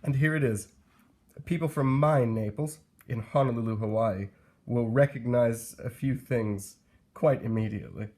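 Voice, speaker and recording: A man's voice: mid-range voice, moderate pace, warm tone. A man hosting a video, giving casual, dryly amused commentary. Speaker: video host.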